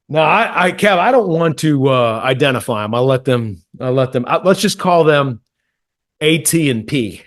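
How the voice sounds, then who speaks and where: A man's voice: medium pitch, expressive, moderate pace. A man from Texas co-hosting a podcast, telling a profane, rambling story with stammering restarts. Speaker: podcast co-host. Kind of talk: casual storytelling chat.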